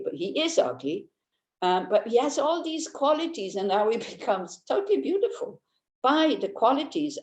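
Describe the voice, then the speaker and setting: Older woman teaching in a roomy space. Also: fairly high pitch. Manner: chatty and anecdotal, with frequent restarts; warmly humorous, laughs easily. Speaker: Buddhist teacher. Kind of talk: informal Dharma teaching. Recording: roomy echo.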